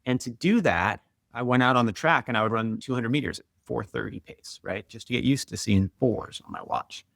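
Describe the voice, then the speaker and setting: Gravelly-voiced man telling running stories. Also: medium pitch, no echo, studio quality. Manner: animated, quick, with many "like" and "right?". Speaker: guest, author and marathoner. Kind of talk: conversational storytelling.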